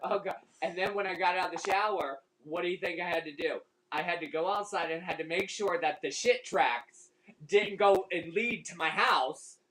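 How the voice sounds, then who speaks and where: Man, casual storyteller; laughs through the story, curses often, slightly high voice. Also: moderate pace, a bit bright, poor audio. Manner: laughing storyteller, swears a lot. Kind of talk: casual chat.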